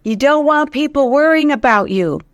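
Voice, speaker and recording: In this instructive interview, an American voice teacher hums examples and laughs readily while explaining vocal technique. She speaks high-pitched with lively intonation at normal speed, with no room sound.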